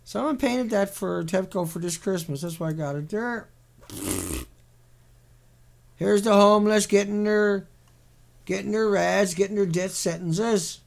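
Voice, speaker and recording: A man's voice: high voice, unhurried, gravelly, long pauses. A man giving sarcastic, ranting commentary on a series of pictures, mocking and repetitive in his delivery. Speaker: video commentator.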